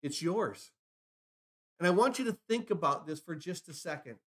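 A man's voice: high voice, lively intonation, quick pace. A man preaching a sermon, building emphasis with rhetorical questions and retelling scripture stories. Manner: acts out scripture dialogue in retellings. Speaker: pastor.

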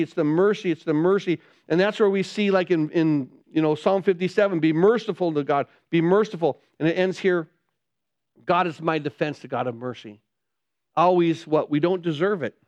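A man's voice: high-pitched, brisk, darkish tone, no room sound. A man preaching a sermon who often answers his own rhetorical questions and repeats key phrases. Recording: dull, dry lo-fi recording.

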